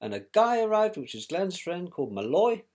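Animated man telling a story. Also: sits high, normal speed. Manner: animated, scornful, colloquial. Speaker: victim's brother recounting events. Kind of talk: personal storytelling.

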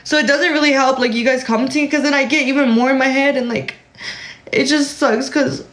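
A young woman with a fairly high voice is crying through a rambling vent on a livestream. She fills her speech with "like" and breaks off sentences to start again, talking straight into a phone mic. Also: fairly even intonation, brisk, fairly bright tone. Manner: rambling, filler-heavy, restarting sentences. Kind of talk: emotional venting on a livestream.

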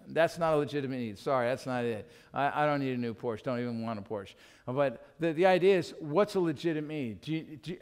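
A man preaching a sermon as pastor, animated and acting out little scenes as he teaches. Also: mid-range voice, fast talker, clear, resonant tone. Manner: animated, acts out quotes in other voices. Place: church. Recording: long reverb of a church hall.

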